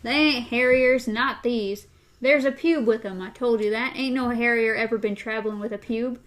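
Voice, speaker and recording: A woman voicing a gruff, impatient old farmer with a thick rustic dialect. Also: on the high side, moderate pace, a bit bright, close to an everyday voice.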